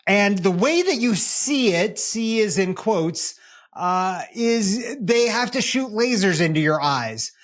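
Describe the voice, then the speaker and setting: A host of a casual tech news podcast, animated and joking, with exasperated asides while telling the news. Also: mid-range voice, takes it slowly.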